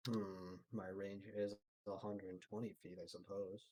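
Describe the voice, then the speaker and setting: Low-voiced casual male player. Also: flat delivery, a little slow, dark tone, dry recording. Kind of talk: casual tabletop game chat.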